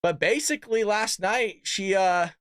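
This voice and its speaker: A man's voice: high-pitched, a little slow, fairly bright tone, smooth, dry recording, studio quality. A man hosting a casual political commentary show, talking in a mocking, sarcastic way and calling his listeners folks.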